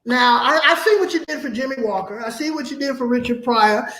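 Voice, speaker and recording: A comedian guest on a chat show, telling animated and profane stories in a casual way. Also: male voice, extremely high pitch, quick pace, reverberant, rough recording. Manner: animated profane storytelling with laughs.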